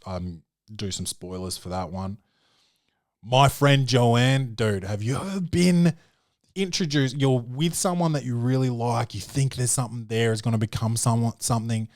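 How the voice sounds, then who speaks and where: A podcast host riffs loosely and comedically, swearing and calling the listener dude and man in a casual review chat. His mid-range voice has a darkish tone, and the recording is dry with clean studio sound.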